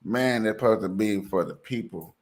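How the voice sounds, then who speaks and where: A man's voice: fairly low pitch, moderate pace. A man hosting a casual, joking commentary show, laughing and riffing. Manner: animated, joking, laughing often. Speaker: host.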